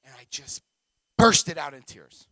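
A middle-aged man sharing his recovery story at a meeting, telling it in an emotional, animated way. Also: unhurried, low-quality recording.

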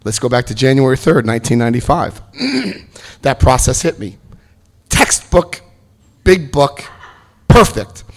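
A man in his fifties giving personal testimony at a recovery meeting, an animated storyteller who jokes and jumps into high voices for quotes. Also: a little slow, long pauses. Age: 50s.

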